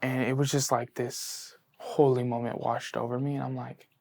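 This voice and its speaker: A young man in his late teens, just out of high school, earnestly telling his personal faith story in an interview, full of "like" and moving between hushed and excited tellings. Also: normal speed, gravelly. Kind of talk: personal testimony in a sit-down interview.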